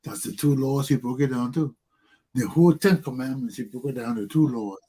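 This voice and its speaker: Husky-voiced man preaching on a talk show. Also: medium pitch, fairly quick. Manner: preachy, animated, acts out quotes. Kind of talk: casual religious discussion.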